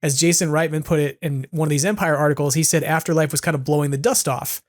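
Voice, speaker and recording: A man hosting a podcast with a slightly higher voice than most men. He talks in an enthusiastic, rambling way, full of "like"s. His sound is dry and close, with no room at all. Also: steady tone, quick pace, no room sound. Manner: enthusiastic, rambling, heavy use of "like". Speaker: podcast host. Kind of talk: casual fan chat.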